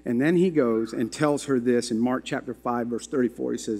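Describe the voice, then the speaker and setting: A man's voice: mid-range voice, moderate pace, hardly any pauses, dark tone, soft background music. A man preaching a sermon to his congregation, telling a story and putting emphatic questions to the listeners. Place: church sanctuary. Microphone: handheld or stand microphone. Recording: long hall reverb in a church.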